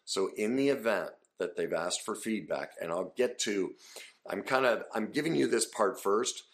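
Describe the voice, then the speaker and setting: Deep-voiced man teaching listening skills. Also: expressive, normal speed. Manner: earnest, conversational, with fillers and restarts. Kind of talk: casual instructional talk to camera.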